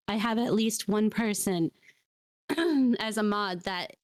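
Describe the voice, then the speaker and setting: A woman co-hosting a streamer podcast, giving earnest, measured advice in casual chat. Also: mid-range voice, no room sound. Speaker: VTuber podcast host.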